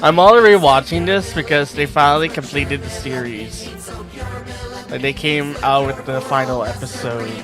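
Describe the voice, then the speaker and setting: A man's voice: medium pitch, normal speed, music in the background. A man chatting casually on a game stream, laid-back and chuckling.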